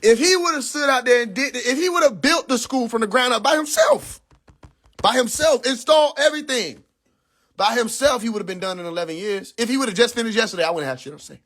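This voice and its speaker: A young man hosting a livestream, ranting in a casual, profane way. He speaks, sounds incredulous and animated, and breaks into laughter often. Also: very high-pitched, brisk. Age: young adult. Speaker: livestream host. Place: in a car.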